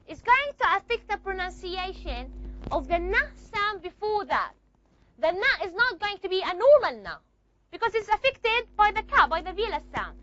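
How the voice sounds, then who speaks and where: A woman gives a phonetics lecture in a very high, lively voice that swings up and down, with a bright edge. She poses questions to the class, answers them herself, and draws out key words slowly. The recording sounds dull and lo-fi. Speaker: phonetics teacher.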